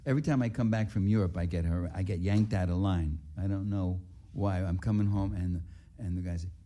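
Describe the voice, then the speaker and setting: A man's voice: sits low, brisk, dark tone. A man, a writer giving a public talk, telling rambling and indignant anecdotes full of restarts and asides. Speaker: writer and activist speaker.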